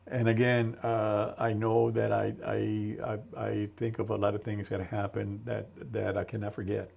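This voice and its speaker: A man in his seventies, an interview guest and military veteran, telling his story slowly and thoughtfully with many restarts in a gravelly voice. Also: on the low side, level tone. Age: 70s. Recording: dull lo-fi recording.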